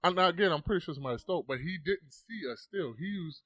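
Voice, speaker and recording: A man's voice: high voice, very fast, bright, forceful tone, no echo. A man, a podcast guest, telling a story casually into a close mic. He swears often and acts out the voices.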